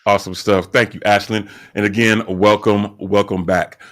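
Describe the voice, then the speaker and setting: Upbeat low-voiced male radio host. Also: normal speed. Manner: upbeat, chatty, lively shout-outs. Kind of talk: casual online radio talk.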